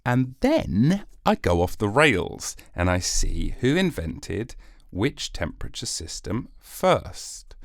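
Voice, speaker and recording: A man hosting a rambling solo comedy podcast, jokey and animated, slipping into silly voices. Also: lowish voice, no echo, clean studio sound. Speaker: podcast host.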